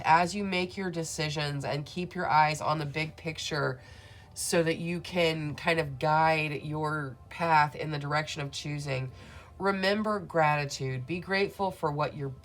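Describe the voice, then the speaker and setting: A woman reading tarot cards for her viewers in a soothing, affirming way. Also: deep voice. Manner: soothing, affirming, speaks to viewers as "beautiful souls". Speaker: tarot reader.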